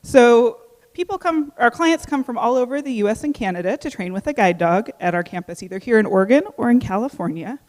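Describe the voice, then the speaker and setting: A woman guide dog trainer clearly explaining a training demonstration to an audience. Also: a little high, lively intonation, a little fast, darkish tone, in a large hall. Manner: clear and informative. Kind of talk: explanatory presentation.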